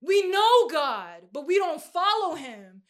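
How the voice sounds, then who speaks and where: A woman preaching a casual, animated sermon, slangy and quick to laugh. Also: extremely high pitch.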